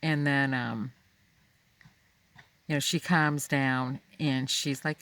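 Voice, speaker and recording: A man telling a personal story aloud, unscripted, halting and full of fillers and restarts. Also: medium pitch, steady tone, a bit bright, no echo.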